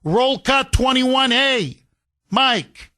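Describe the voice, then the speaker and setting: A man's voice: extremely high pitch, animated, extremely slow, sharp tone. A man hosting a political talk radio show, delivering a sarcastic, indignant monologue full of rhetorical questions and repetition. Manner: emphatic with repetition.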